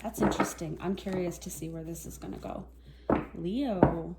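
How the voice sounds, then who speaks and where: A woman giving a casual tarot reading to camera, soft-spoken and reflective, a little teary and sniffling. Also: lowish voice, moderate pace, very noisy. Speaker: tarot reader.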